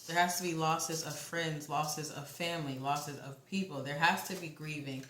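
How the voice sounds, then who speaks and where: A woman's voice: low voice, steady tone, fairly bright tone, a little hiss or hum. Rambling woman reading tarot, echoey room. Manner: rambling, halting, with casual swearing. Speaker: tarot reader. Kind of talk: casual tarot reading monologue.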